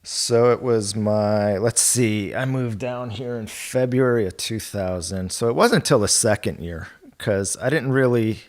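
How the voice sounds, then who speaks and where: A man's voice: fairly low pitch, measured pace, few pauses. A middle-aged man telling rambling golf anecdotes in casual podcast talk, quoting others and laughing as he goes. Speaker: golf club territory manager guest.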